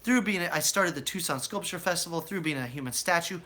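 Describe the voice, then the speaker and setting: Here's a fast-talking young American with a voice on the high side, casually telling viewers in a live chat his rambling life story. He animatedly acts out the voices of those he quotes.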